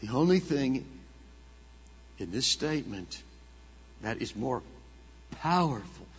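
Man preaching, slow deliberate delivery, husky bright tone, dramatic swings from hush to loud, long church reverb, muffled lo-fi sound. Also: medium pitch, big pitch swings. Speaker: pastor. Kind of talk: sermon.

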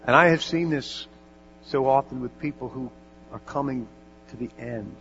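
A man's voice: mid-range voice, moderate pace, fairly bright tone. A male pastor preaching a sermon in an earnest manner, building up to fervent exhortation and prayer. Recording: dull lo-fi with mains hum.

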